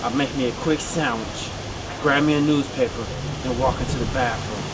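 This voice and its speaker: A man's voice: mid-range voice, steady tone, normal speed, noisy background, close to an everyday voice. A young man playing a boastful, crude young killer who tells his story as a comic confession monologue. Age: young adult. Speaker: student actor in a parody sketch.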